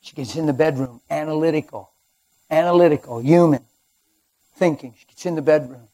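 A middle-aged man preaching a sermon as a personal testimony, swinging between hushed and loud as he tells the story. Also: fairly high pitch, brisk.

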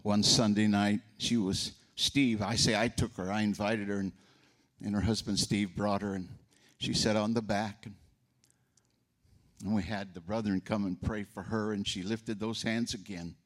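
In a steady, low-leaning voice at normal speed, an older man remembers his sister in a folksy eulogy. He shares stories and imitates the voices of the people in them.

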